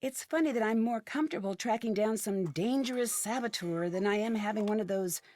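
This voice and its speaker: An actress voicing a calm, curious young woman detective in a video game, speaking in a level-headed, earnest way. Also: mid-range voice, fairly quick, lightly acted. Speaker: game protagonist.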